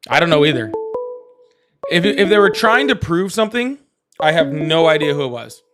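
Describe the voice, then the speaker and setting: Bright lively-voiced male streamer. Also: fairly high pitch, normal speed, music in the background. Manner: animated, laughs often, thanks viewers; apologetic, excitable. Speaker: livestream host. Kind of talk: live call-in political chat.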